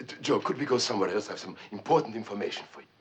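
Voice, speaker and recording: A man's voice: on the low side, lively intonation, rapid-fire, slight background noise, close to an everyday voice. An actor playing a wheedling, scheming male colonial official who talks in a fawning, theatrical, sing-song way. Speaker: local official. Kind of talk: 1950s film acting. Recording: dull old film soundtrack with music.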